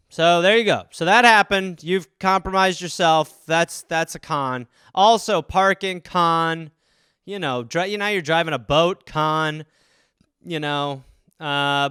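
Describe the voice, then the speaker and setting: Podcast host, male, rambling comedic monologue; bright, smooth tone, dry close sound. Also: high-pitched, dry recording. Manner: rambling, acts out voices in bits.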